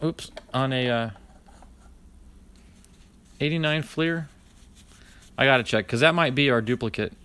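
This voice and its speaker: Unhurried and prone to long pauses, this man speaks in a medium-pitched, bright, forceful voice over slight background noise. He's vlogging a card opening, reading each name aloud in a chatty list and talking to live viewers by name.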